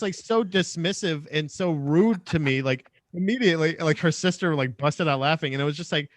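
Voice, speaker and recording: A man's voice: a little high, normal speed, hardly any pauses, no room sound. A man co-hosting a podcast, trading crude, self-mocking banter in a casual chat. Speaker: podcast co-host.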